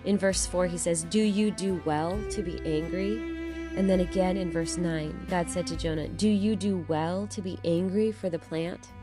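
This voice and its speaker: A woman reading a Bible passage aloud and then teaching on it in a measured, reflective way, putting questions to the listener. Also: on the low side, fairly even intonation, over music. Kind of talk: scripture reading and devotional teaching.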